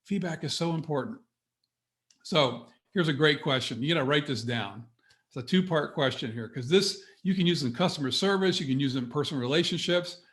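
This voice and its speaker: A middle-aged man coaching business owners on a webinar, talking straight to his audience in an energetic, motivational way. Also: medium pitch. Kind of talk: webinar presentation.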